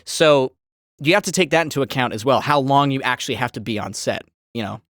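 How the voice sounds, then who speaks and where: A man's voice: mid-range voice, lively intonation, fairly quick, fairly bright tone, no echo, clean studio sound. A man co-hosting a casual comedy podcast, joking around and laughing often. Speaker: podcast co-host.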